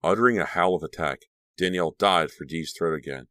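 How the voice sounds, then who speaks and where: A man narrating an audiobook with a dramatic, expressive reading. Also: low voice, fairly quick, dry recording, studio quality.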